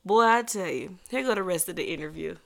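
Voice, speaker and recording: A woman telling a personal story in a casual vlog, animated and profane, acting out the other people in it. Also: lowish voice, brisk, gravelly. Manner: animated, profane, acts out voices in her story.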